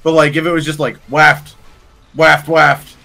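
A man's voice: on the high side, flat delivery, a little fast, pushed and bright. A man playing a game alongside a host, complaining in a whiny, mock-hurt way. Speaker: co-player. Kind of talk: casual gaming chat.

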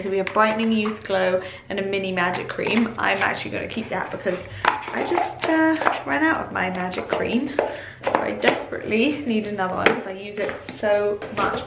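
A woman's voice: medium pitch, echoey room, background noise. A young woman chatting casually in her bedroom as she unboxes parcels, gushing and full of exclamations. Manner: gushing, excitable, lots of exclamations. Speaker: vlogger. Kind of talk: casual vlog chat while unboxing. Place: bedroom at home.

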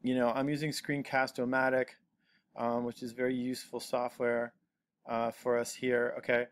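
A man teaching a casual screencast software tutorial, rambling a little and checking in with "okay?". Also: mid-range voice, flat delivery, normal speed, clean tone.

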